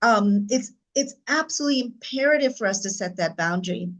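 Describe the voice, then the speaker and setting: A woman with a fairly high voice moderates a panel. She speaks in an affirming, reflective way and steers the talk toward the next question. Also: lively intonation, fairly quick, low-quality recording. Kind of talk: panel discussion.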